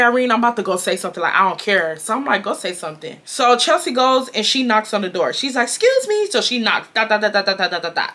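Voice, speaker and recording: A woman in her twenties from Houston, telling a storytime to her viewers in a chatty, animated way and calling them y'all. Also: on the high side. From Houston, Texas. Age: 20s. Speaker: storytime vlogger.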